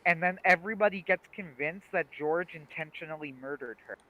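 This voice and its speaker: Guy on a livestream, high-ish bright voice, acts out quotes when telling stories, muffled lo-fi audio. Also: fairly quick. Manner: animated retelling with acted-out quotes. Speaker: livestream co-host. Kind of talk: casual chat. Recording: dull lo-fi stream audio.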